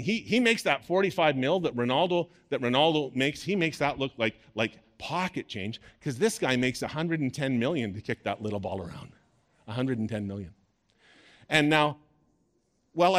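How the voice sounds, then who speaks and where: A man preaching a sermon to a congregation, animated and playful, with bursts of sports-commentator delivery. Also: mid-range voice. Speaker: pastor.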